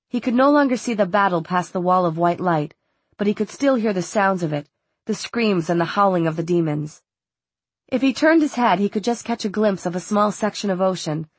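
A woman reading a novel aloud as an audiobook narrator, in a steady, measured way. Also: mid-range voice, no room sound. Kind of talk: scripted narration.

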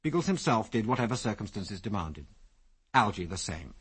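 A man narrating an adventure story as an audiobook, with lively, expressive storytelling. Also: on the low side, moderate pace, slightly rough.

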